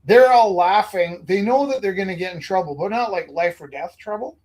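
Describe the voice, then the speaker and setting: High-pitched guy from canada, casual chat, tells stories with big acted-out quotes. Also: fairly quick. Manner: animated storyteller, acts out quotes loudly. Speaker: host.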